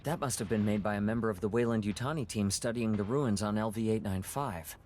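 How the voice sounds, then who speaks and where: An actor playing an analyst who explains the findings on alien ruins in technical terms. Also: male voice, lowish voice, brisk, a little mellow, a little hiss or hum, natural voice.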